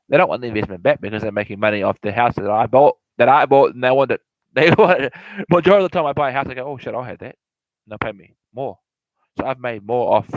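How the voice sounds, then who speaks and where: Fast-talking rambling man. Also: on the low side, dry recording, rough recording. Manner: repetitive, stumbling, laughs often. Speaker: real estate explainer. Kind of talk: casual rambling explainer.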